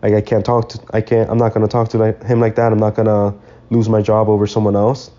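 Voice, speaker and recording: A man's voice: lowish voice, completely flat delivery, fast talker, mellow, muffled recording. A young man hosting a podcast alone, telling a story in a rambling, casual way and swearing freely. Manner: rambling, swears freely, loose slangy talk. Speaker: podcast host.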